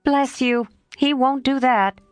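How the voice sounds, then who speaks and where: A woman's voice: high-pitched, fairly even intonation, slow pace, no room sound, faint music behind, voice pushed up. A woman voicing a bold, frank teenage girl. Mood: coaxing.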